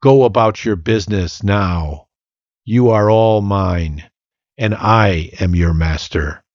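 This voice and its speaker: A man's voice: on the low side, slow pace, no echo. A man voicing a mocking, scornful male devil in a storybook reading, on a slightly muffled, dry recording. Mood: sneering. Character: mocking sneering male devil possessing a girl.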